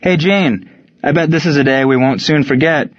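A man's voice: fairly high pitch, moderate pace, pitched above the performer's own voice, lightly acted. A man voicing a cocky teenage boy in an audiobook, brash and full of slang. The reading is a little muffled. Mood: reassuring.

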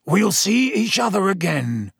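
A man reading aloud, voicing a weak, emotional older fugitive with a croaky voice. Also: high-pitched, very animated, measured pace, no room sound, studio quality, pitched above the performer's own voice, exaggerated voice. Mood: solemn. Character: weary escaped older man, weak and hoarse.

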